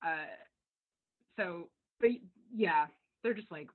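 A woman chatting casually about a TV episode, animated and laughing often as she acts out lines. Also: medium pitch, a little slow, long pauses. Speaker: podcast co-host. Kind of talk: casual recap chat. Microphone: remote call. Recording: tinny phone-like line.

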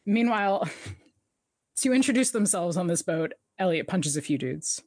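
A woman's voice: fairly low pitch, moderate pace, dry recording, studio quality. A woman co-hosting a casual chat, recapping a TV episode, laughing often and acting out the characters' lines. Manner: chatty, laughs often, animated quoting of characters. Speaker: podcast co-host recapping a TV episode.

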